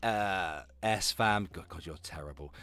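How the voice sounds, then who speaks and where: A man from West London with a flattened London accent, hosting a live stream and reacting to clips in a sarcastic, sweary way. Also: low voice, measured pace, dry recording. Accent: London English, flattened. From West London, England. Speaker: streamer host. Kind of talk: casual live-stream commentary.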